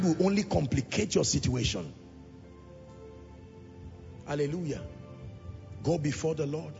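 A male preacher delivering an impassioned sermon, repeating lines and swelling into shouts and half-sung phrases. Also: a little high, measured pace, creaky, pauses often. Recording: reverberant hall, dull lo-fi sound, music behind.

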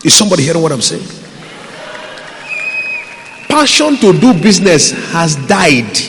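A pastor with a slightly high voice preaches fervently over a faint hiss or hum. He shifts from loud pleading to quiet asides and addresses his congregation directly, while the large hall lends a long reverb.

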